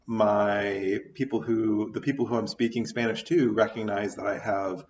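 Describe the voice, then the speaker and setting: A man's voice: on the low side, flat delivery, moderate pace, recorded from a distance, slight background noise. Man giving a recorded lecture, dull roomy sound. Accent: American English. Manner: thoughtful, with many ums and restarts. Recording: dull, roomy, mic set back.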